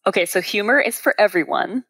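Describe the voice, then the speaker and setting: A woman, a copywriter and comedian, talking as a podcast guest in casual interview chat, quick and witty. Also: medium pitch, breathy edge, dry recording. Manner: quick, witty, animated storyteller.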